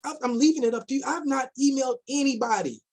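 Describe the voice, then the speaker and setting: A man's voice: extremely high pitch, fast, a little mellow. A man giving casual commentary as an investment vlogger, firing off rhetorical questions, repeating himself and mocking imagined investors in quoted voices.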